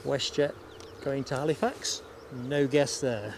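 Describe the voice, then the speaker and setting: Slow-talking man hosting a plane-spotting stream. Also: mid-range voice, gravelly, noisy background. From United Kingdom. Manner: chatty, laughs easily, greets viewers by name. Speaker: live stream host. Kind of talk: casual live commentary. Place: outdoors at an airport.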